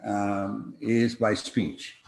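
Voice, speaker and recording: A man giving an online conference talk over a video call, pausing often with fillers and restarting his sentences. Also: lowish voice, flat delivery, creaky, a little hiss or hum. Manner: halting, many fillers and restarts. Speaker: conference panel speaker. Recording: echoey room.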